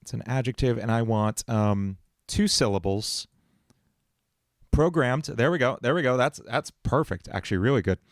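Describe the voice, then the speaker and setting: A man's voice: medium pitch, moderate pace, few pauses, dry recording. A man hosting a casual livestream from his home studio, thinking aloud as he writes song lyrics and answers chat questions. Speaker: musician and livestream host.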